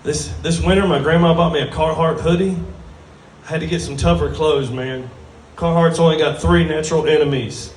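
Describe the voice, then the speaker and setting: A man's voice: on the high side, fairly even intonation, moderate pace, a little hiss or hum. A man doing a stand-up comedy set at a brewery, drawling and crude, making fun of himself. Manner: drawling, crude, self-mocking. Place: brewery stage with live audience. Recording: roomy live venue from a distance.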